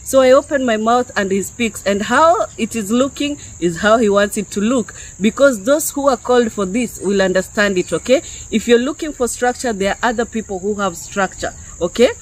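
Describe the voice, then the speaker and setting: This Kenyan YouTube preacher talks at a moderate pace with few pauses, her voice a little high, in a rough recording. Unscripted and chatty, she teaches viewers about spiritual matters, frequently tossing in "yeah?" and "okay?"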